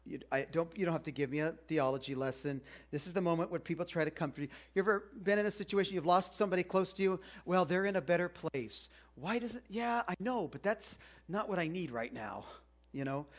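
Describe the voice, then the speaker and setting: A man's voice: fairly high pitch, fast. A man preaching a sermon in a casual, conversational way, asking the congregation questions as he goes. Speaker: pastor.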